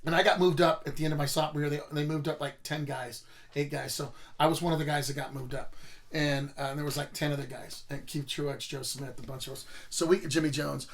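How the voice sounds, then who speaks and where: A man's voice: on the high side, fairly even intonation, fairly quick. A middle-aged man casually telling rambling, profane stories about his school football days. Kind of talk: casual storytelling.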